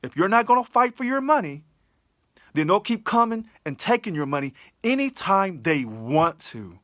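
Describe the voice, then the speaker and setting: A man's voice: high voice, sing-song, normal speed, a bit bright, no room sound, clean studio sound. A man giving an impassioned livestream address as a union election candidate, emphatic, full of repeated rhetorical questions. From California.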